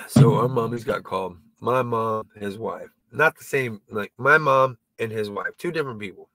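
A man's voice: fairly low pitch, normal speed, sharp tone, no room sound. Older male comic host in his sixties, loose and profane, close dry mic. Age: 60s. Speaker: comedy show host. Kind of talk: rambling stand-up monologue.

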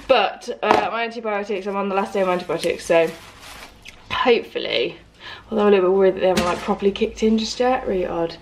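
A young woman talking casually to camera in a vlog, chatty and expressive, often exasperated. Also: medium pitch, a little hiss or hum. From United Kingdom. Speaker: lifestyle vlogger.

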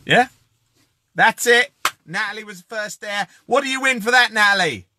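A man's voice: high-pitched, moderate pace, noisy background. A man hosting a casual live-stream giveaway, joking and calling out viewers by name. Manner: jokey, chatty, shouting out viewers by name.

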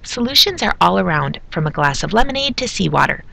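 A woman's voice: lowish voice, very animated, fairly quick, gravelly, sharp tone. A woman who is a chemistry teacher, giving a recorded video lesson in a chatty way, with asides as she explains.

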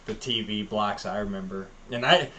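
A man's voice: lowish voice, moderate pace, a little hiss or hum. Man rambling through childhood memories. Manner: rambling, animated storytelling with fillers. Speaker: podcast co-host. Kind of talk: casual chat.

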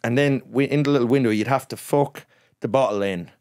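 An Irish man from the countryside telling animated, swear-filled comic stories in a casual podcast chat. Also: medium pitch, fairly quick, no echo, studio quality. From rural Ireland. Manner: animated anecdotes, frequent laughter and swearing. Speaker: guest comedian.

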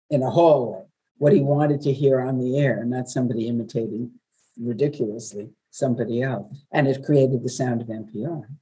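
An older woman from New York, a veteran radio journalist, telling stories in a chatty, lively way as an interview guest. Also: rumbling low, husky, rough recording. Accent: New York, softened. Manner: warm, chatty storyteller with laughs. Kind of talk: webinar interview.

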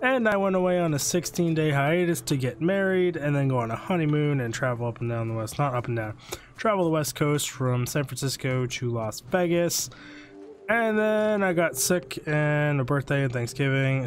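A man's voice: on the high side, moderate pace, a little hiss or hum. A young man hosting a gaming channel while sick and losing his voice, rambling casually to his viewers in a self-deprecating way. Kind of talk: casual gameplay commentary.

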